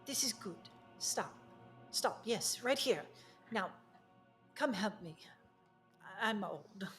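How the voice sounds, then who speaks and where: A woman voicing an old female insect-like arcanist who gives hurried orders. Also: mid-range voice, lively intonation, a bit bright, faint music behind. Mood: bossy.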